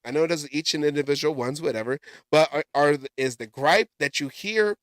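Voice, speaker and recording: A man's voice: fairly high pitch, fairly quick, a bit bright, no echo, studio quality. A man hosting a casual sports talk show, rambling and often stumbling and correcting himself. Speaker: podcast host.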